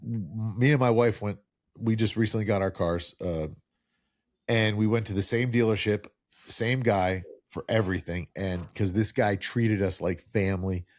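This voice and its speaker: A man's voice: lowish voice, fairly even intonation, normal speed, darkish tone, dry recording, studio quality. A man in his fifties with a faint New Jersey accent, hosting a casual interview and telling rambling stories with many restarts. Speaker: podcast host.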